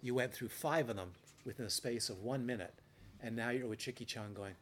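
Meditation teacher giving a dharma talk, restarts. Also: male voice, mid-range voice, a little fast, a little hiss or hum. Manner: relaxed, anecdotal, frequent restarts and playful acted quotes.

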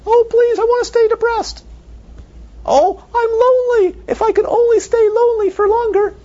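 A man voicing a panicky, melodramatic emotion that wails and pleads in a high falsetto, on a dull lo-fi recording. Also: fairly even intonation, moderate pace, warm tone. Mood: pleading. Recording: dull lo-fi recording, faint hiss.

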